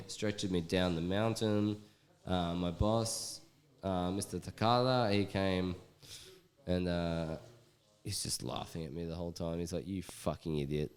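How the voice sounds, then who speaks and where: A man with a very low voice tells a story in a loose, casual chat. He rambles, swears freely and pads his talk with fillers. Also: a little mellow. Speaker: guest telling a story.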